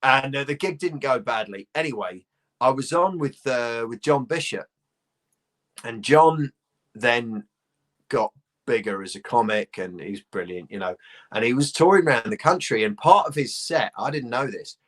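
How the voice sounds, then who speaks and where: A middle-aged man with a posh southern English accent spins comic anecdotes as a guest in a relaxed chat. His voice sits at an ordinary pitch. He swears easily and laughs mid-sentence as the story builds. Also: moderate pace. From London. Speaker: guest comedian. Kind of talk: casual chat, telling anecdotes.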